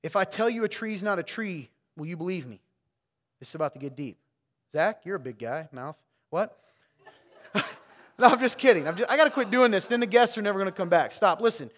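A man's voice: high-pitched, expressive, fairly quick, long pauses, fairly bright tone, in a large hall. A man preaching a sermon as pastor, frank and joking, talking to his congregation in a conversational way. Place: church sanctuary.

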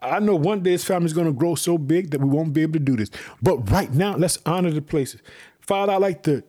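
An excited man from Chicago preaching a devotional message on his podcast, with an exuberant manner and constant "let me tell you something.". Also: fairly high pitch, quick pace. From United States.

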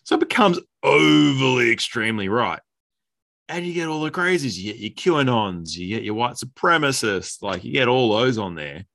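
A man's voice: medium pitch, big pitch swings, moderate pace, vocal fry, a bit bright. A man making blunt, opinionated points in a casual podcast chat, swearing now and then. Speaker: podcast co-host.

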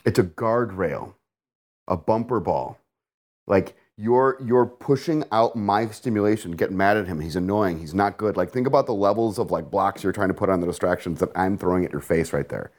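A man talking as a coach or therapist, explaining ideas in a relaxed conversation and acting out little examples as he goes. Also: low voice, moderate pace. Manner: animated, explains with acted-out examples.

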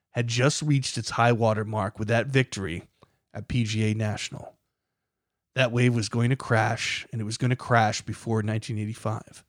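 A man's voice: medium pitch, dry recording, clean studio sound. A man hosting a podcast, reading scripted documentary narration with a dramatic, building emphasis. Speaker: podcast host.

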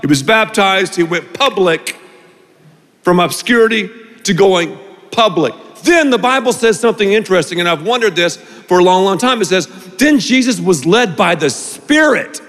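A middle-aged male pastor preaching a sermon, telling a story with animated delivery and acted-out voices, in a large church auditorium. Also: high voice, moderate pace. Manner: animated, acts out voices in anecdotes. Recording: long reverb of a large hall.

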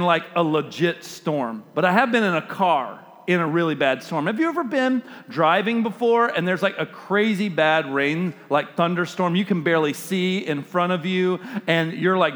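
A high-pitched man preaching a sermon with animated, story-driven delivery and acting out each scene. His voice carries a long hall reverb.

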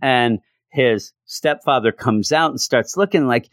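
A man's voice: medium pitch, measured pace, no echo, studio quality. A man casually recapping a comic plot in a rambling way, with lots of fillers. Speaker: comic book reviewer.

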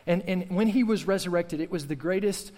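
A man with a high-pitched, warm voice preaches a sermon at a fairly quick pace, his words ringing through a big room. As a pastor, he delivers it with fervor, repeating key phrases and calling on the congregation to answer back.

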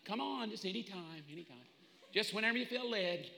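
A man voicing an overly lenient, soft-spoken mother who coaxes gently and lets things slide, in a sermon. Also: high-pitched, lively intonation, brisk, creaky, heavily acted. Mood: coaxing. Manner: coaxing, easygoing, indulgent. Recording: long hall reverb.

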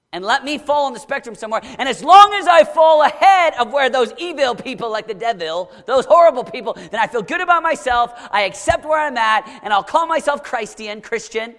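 A man preaching a sermon to a young crowd, dramatic, swinging from shouts down to low, intense murmurs. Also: big pitch swings, fairly quick, few pauses, big-room sound.

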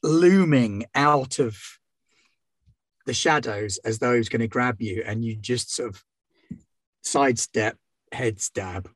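Game master, male, husky, dry close mic, measured rules-explainer. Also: lowish voice, fairly bright tone, dry recording. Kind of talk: narrating a tabletop game.

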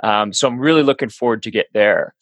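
A man hosting a podcast interview, reacting and asking questions in a conversational, halting way. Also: fairly low pitch, dry recording, highs cut off. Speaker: podcast host.

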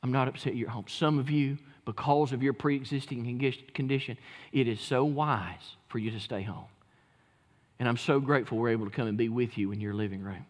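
A man preaching a sermon, impassioned and shouting at his peaks. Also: medium pitch, fairly even intonation, moderate pace, big-room sound. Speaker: pastor. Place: church sanctuary.

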